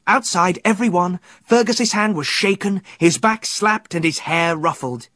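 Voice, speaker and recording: A man narrating a children's story aloud in a measured storytelling manner. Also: sits high, sharp tone, no room sound. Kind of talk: audiobook narration.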